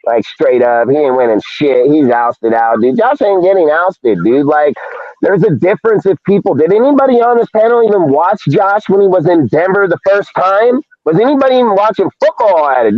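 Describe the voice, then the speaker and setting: A man's voice: high voice, dry recording. Fired-up, profane man ranting on stream. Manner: heated, profane, rapid rants. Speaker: host of a live fan show. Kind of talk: ranting live-stream talk. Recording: dull lo-fi stream audio.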